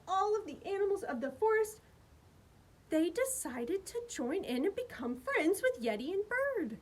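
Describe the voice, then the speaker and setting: A woman, a children's librarian, reading a picture book aloud at storytime in a sing-song voice made big for young listeners. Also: very high voice.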